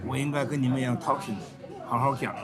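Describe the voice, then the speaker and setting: An older man from Korea, with a voice of middle pitch, answers questions in short, halting phrases. Loud music plays underneath him. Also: level tone. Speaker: interviewee.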